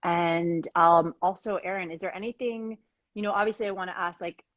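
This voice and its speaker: A woman's voice: on the low side, steady tone, a little fast, no room sound, muffled recording. A woman hosting a live-streamed interview in a casual chat, full of "like" and "um" fillers. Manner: bubbly, frequent "like" and "um" fillers. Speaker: host.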